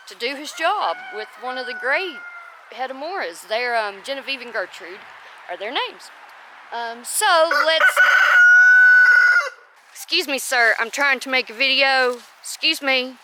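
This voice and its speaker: A woman homestead vlogger chats casually while doing her farm chores outdoors by the chicken and rabbit pens, often stopping to coo at her chickens by name. Her voice sits high and is expressive, with a slightly slow delivery. Background noise can be heard.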